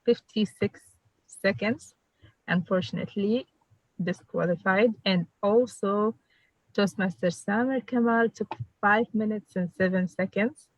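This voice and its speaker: A woman giving a formal timing report at a club meeting, measured and matter-of-fact. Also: medium pitch, dry recording, rough recording. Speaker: meeting timer.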